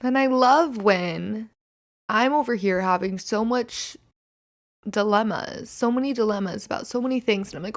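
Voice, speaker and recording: Hungover twenty-something woman rambling on her podcast, super gravelly fry, swears a lot, laughs at herself. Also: a little high, fairly even intonation, moderate pace. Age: 20s. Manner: rambling, self-mocking, swears freely. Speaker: podcast host. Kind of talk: casual solo podcast chat.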